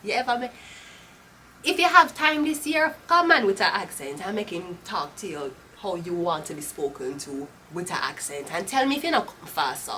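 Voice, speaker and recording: A Jamaican woman talks through a tarot reading in a loose, rambling way, blunt and quick to swear. Her voice is bright and a little sharp. A faint hiss sits under the recording. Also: lowish voice, sing-song. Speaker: tarot reader. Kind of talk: casual tarot reading monologue.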